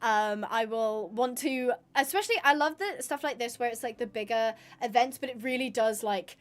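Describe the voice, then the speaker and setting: A woman's voice: on the high side, normal speed. A young woman chatting casually on a live stream while she plays, rambling with lots of fillers and restarts. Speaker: streamer and roleplayer.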